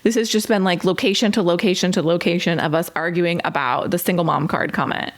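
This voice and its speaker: A woman's voice: on the low side, fairly even intonation, fairly quick. A woman co-hosting a podcast, chatting casually and in an exasperated way, with lots of "like". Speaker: podcast co-host. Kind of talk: casual chat recapping a reality show.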